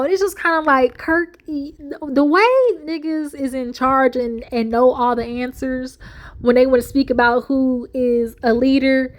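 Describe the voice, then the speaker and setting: Woman, high-pitched voice, animated storyteller, quotes people in their voices. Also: unhurried. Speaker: reality TV recapper. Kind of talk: casual chat, retelling with acted quotes.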